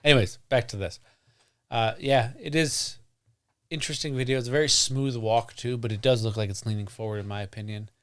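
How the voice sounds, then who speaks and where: A man's voice: medium pitch, fairly even intonation, a little fast, fairly bright tone. A man hosting a podcast, chatting casually and reading sighting accounts aloud with frequent restarts. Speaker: podcast host.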